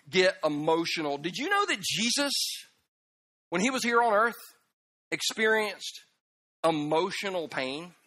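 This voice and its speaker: A man preaching a humorous sermon, telling emotional stories, dropping soft and then bursting out laughing and loud. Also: high voice. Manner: animated storytelling, swings from hushed to loud laughing outbursts. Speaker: pastor. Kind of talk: sermon with self-deprecating humor.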